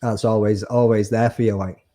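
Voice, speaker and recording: A man's voice: on the low side, flat delivery, moderate pace, dark tone. A man hosting a podcast interview, asking chatty, encouraging questions and calling his guest "mate".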